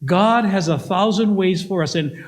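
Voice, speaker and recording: An older man preaching a sermon to his church, telling stories and acting out the voices in them. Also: a little slow. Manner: storytelling with acted-out voices and big pitch swings. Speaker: pastor. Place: church sanctuary. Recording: long hall reverb.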